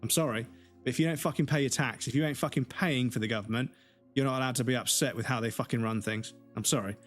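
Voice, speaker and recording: A man's voice: mid-range voice, fast talker, soft background music. Profane, heated male streamer ranting. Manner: heated, profane, swears constantly. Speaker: game streamer. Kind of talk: casual ranting chat while streaming.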